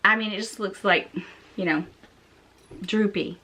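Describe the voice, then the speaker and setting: Bright-voiced chatty woman vlogger. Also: mid-range voice, brisk. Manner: chatty, confiding, lots of fillers. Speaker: fashion vlogger. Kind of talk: casual product review.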